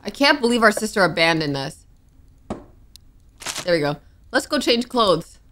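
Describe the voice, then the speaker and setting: A woman's voice: mid-range voice, big pitch swings, normal speed, fairly bright tone, slight background noise. A young woman narrating her own horror game play, jumpy and nervous, reacting with gasps and worried asides. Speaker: gaming streamer. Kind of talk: let's play commentary.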